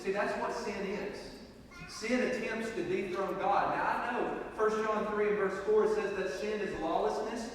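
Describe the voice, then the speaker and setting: A man's voice: high voice, slight background noise. A man preaching a sermon in an emphatic way, repeating key phrases, recorded in a church sanctuary. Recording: distant, reverberant hall with faint ambience.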